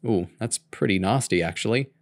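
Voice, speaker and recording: A man's voice: on the low side, lively intonation, normal speed. A man voicing a cheeky, easygoing teenage boy in a novel reading.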